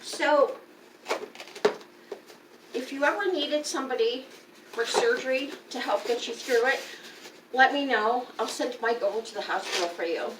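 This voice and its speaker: A woman's voice: sits high, normal speed, pauses often. Woman, 50s, worn out and unwell, candid and emotional, casual vlog, distant mic, echoey room. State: tired and unwell. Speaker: vlogger. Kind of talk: casual personal update. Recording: roomy, distant, faint background noise.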